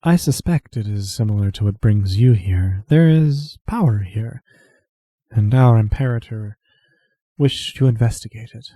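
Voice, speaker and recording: A man voicing a calm, courteous noble envoy in a tabletop game, speaking in a composed, guarded way. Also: fairly low pitch, a little slow, dry recording. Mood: measured.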